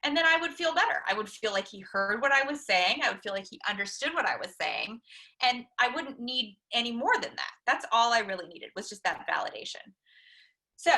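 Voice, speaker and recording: A woman counselor giving a conversational online lecture with shared slides, using personal examples and frequent "um" pauses. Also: a little high, sharp tone, poor audio. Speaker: counselor presenting a talk.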